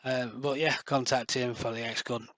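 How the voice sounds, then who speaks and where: A middle-aged man talks straight to camera in a loose, rambling flow, dropping in fillers and boasting with real passion. His pitch stays fairly level and flat throughout. The sound is close and dry, with no room around it. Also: normal speed, no echo. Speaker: light gun builder and video creator. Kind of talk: casual rambling talk to camera.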